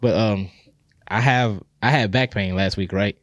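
A man's voice: on the low side, measured pace, no room sound. A man in his thirties, a podcast co-host, telling stories in a loose, profane, casual way. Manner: loose, profane storytelling with animated retellings.

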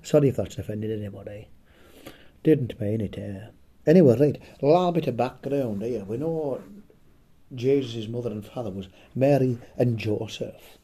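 A slightly hoarse man rambles through a crude comic story, swearing freely and ending his jokes with a chuckled "eh?". His tone is very dark and his voice is husky and rough. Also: medium pitch, normal speed. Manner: foul-mouthed, rambling, chuckling, tags lines with "eh?". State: a bit hoarse. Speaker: comedic storyteller. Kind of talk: profane comedic storytelling chat.

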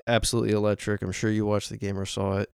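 Male podcast host, upbeat announcer read, low gravelly voice. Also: flat delivery, rapid-fire, dry recording, studio quality. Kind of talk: scripted podcast intro.

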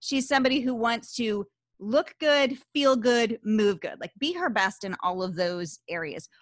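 A woman's voice: on the high side, expressive, unhurried, dry recording, clean studio sound. A woman of fifty hosting an interview podcast, talking in an effusive, emotional way with many "like"s. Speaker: podcast host. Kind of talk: conversational interview.

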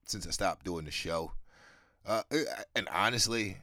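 A man's voice: sits low, unhurried, bright, forceful tone, dry recording, studio quality. A man hosting his own show, ranting in a loose, profane monologue full of fillers and laughter. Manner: profane, rambling, laughs often. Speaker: podcast host. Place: New York.

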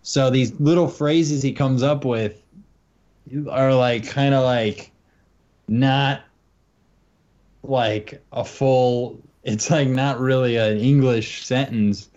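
Podcast co-host guy rambling and laughing, mid-pitched, muffled lo-fi call audio. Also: steady tone, slow pace, darkish tone. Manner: laughs often, loose rambling delivery with many fillers. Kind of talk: casual comedic chat. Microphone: video call.

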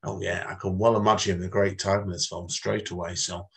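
A man's voice: low-pitched, level tone, a little fast, creaky, a bit bright. A man hosting an interview, asking long, rambling questions that repeat themselves. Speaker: podcast host.

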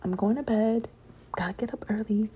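A woman's voice: mid-range voice, fairly even intonation, normal speed, mellow, slightly rough. A young woman casually encouraging her listeners, frank and profane, drifting at times into whispers. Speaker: vlogger. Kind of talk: casual motivational talk to listeners.

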